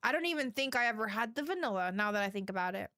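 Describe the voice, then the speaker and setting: A giggly woman streamer chats with her viewers and reads their messages aloud. Her voice is bright and fairly high. The sound is dry and close. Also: animated, racing, dry recording. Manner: giggly and chatty, laughs often. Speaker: livestreamer. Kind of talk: casual chat with a live audience.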